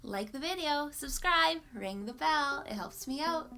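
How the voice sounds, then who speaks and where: A woman's voice: sits high, unhurried, soft background music. Chatty woman from Canada talking books. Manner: chatty, rambling, animated. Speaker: book vlogger. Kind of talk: casual chat.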